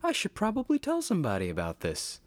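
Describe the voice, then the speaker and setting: A man voicing a naive, excited young male activist in a wide-eyed, goofy way. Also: high voice, fast, no echo, voice pushed up.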